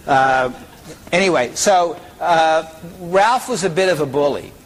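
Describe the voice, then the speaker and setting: Against a noisy background, a man with a fairly high voice delivers a conference keynote at a measured pace. His manner is lively and playful, and he invites audience members onto the stage to act out a story.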